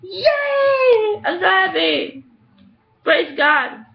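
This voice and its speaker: A woman's voice: sits high, lively intonation, unhurried. A young woman vlogging casually to her webcam, playful and giggly, often slipping into sing-song. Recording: dull lo-fi webcam audio.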